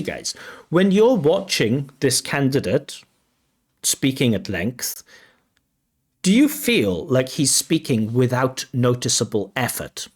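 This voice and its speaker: A man working as a language test examiner, giving spoken feedback in a measured, think-aloud way and correcting himself as he goes. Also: medium pitch, big pitch swings, husky. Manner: measured, reads out band descriptors and questions them.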